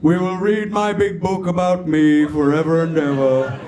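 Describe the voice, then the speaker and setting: A comedian voicing a solemn, pompous traditional male God who speaks slowly. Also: flat delivery, a little mellow, lightly acted. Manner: slow, booming, pompous. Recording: live club with crowd laughter.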